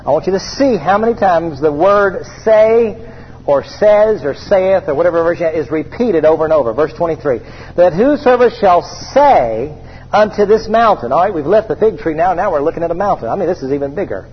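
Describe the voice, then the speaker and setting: A high-voiced male pastor delivers a sermon in a church, drawing the crowd into call-and-response. The recording sounds dull and lo-fi, with a long reverb tail and faint background noise. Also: brisk, breathy edge. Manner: call-and-response preaching, repeats phrases.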